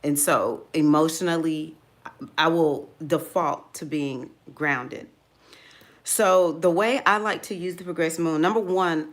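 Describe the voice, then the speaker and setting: A middle-aged woman, an astrologer, talking casually about her own experiences. She acts out her past thoughts in a high voice and laughs often. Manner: laughs often, loose and conversational. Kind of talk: casual personal talk.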